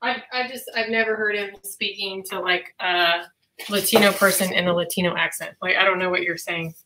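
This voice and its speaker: A woman's voice: mid-range voice, steady tone, fairly quick, reverberant, background noise. A woman calling in to a casual discussion who speaks in a skeptical, challenging way. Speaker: caller joining the discussion.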